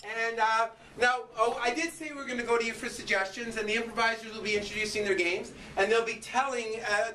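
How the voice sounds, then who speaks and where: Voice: medium pitch, bright, forceful tone. An improv show host on stage, talking to the audience in a chatty way with lots of fillers and restarts. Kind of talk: live stage hosting. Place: small theater stage with audience. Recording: echoey, distant, noisy live recording.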